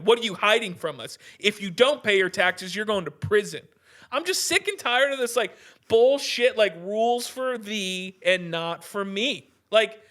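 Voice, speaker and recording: High-voiced man ranting on a podcast. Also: bright, forceful tone. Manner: heated, profane, restarts often, says "dude" a lot. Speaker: podcast host. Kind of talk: casual ranting podcast monologue.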